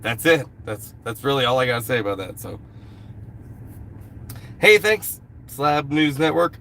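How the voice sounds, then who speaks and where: A man's voice: mid-range voice, fairly bright tone, slight background noise. A man chatting casually on a live stream, blunt and swearing freely, fighting a cold. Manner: blunt, heavy swearing, irritated with a commenter. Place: outdoors at a rural camp.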